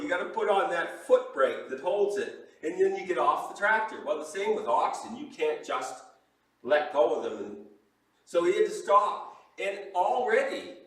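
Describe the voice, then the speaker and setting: A man preaching a sermon as pastor, telling the story with lively acted-out voices for the people in it. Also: high-pitched, heavy reverb, far from the mic, rough recording. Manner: animated storytelling, acting out quoted voices. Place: church sanctuary.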